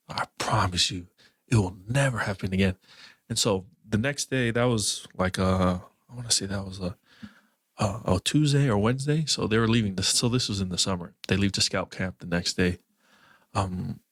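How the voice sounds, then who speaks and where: A man's voice: low-pitched, no echo, clean studio sound. A young man hosting a podcast, telling a loose anecdote full of fillers and acting out the people he quotes. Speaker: podcast host.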